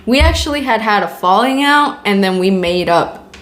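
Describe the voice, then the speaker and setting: A woman's voice: medium pitch, lively intonation, normal speed, a bit bright. A young woman hosting a podcast, telling a story in a casual, candid way, swearing often and using lots of "like". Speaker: podcast host. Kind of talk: casual chat. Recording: echoey room with faint noise.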